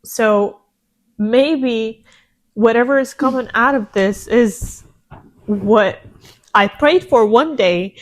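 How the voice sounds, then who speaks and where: A woman's voice: on the high side, slow, pauses often. A woman co-hosting a casual podcast, talking in an earnest, emotional, motivational way about getting back up. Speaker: podcast co-host.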